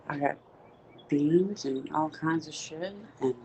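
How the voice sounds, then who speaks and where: Her low, slightly mellow voice moves slowly as she livestreams rambling, casual talk on a noisy phone. The middle-aged woman cusses freely and talks directly to viewers.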